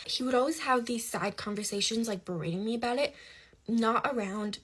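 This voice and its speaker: A woman telling a personal story in a casual, animated and exasperated way. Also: on the high side, a little fast, slightly rough.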